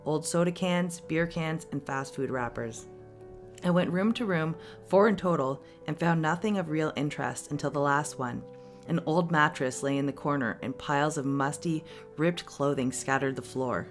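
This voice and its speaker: Low-voiced woman reading a story. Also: moderate pace, soft background music. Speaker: podcast host.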